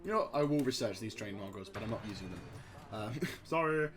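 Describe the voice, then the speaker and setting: A man casually commenting on a strategy game, rambling and excitable, swearing freely and chuckling at his own jokes. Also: fairly low pitch, brisk, crowd noise. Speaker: gaming channel host.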